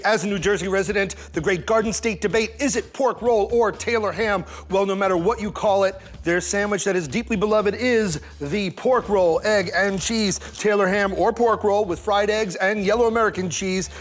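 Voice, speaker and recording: Man, showman food host, high-pitched, punny and playful, light music behind. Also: moderate pace, hardly any pauses. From New York. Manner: playful, pun-heavy, showman delivery. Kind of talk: punny scripted food presentation.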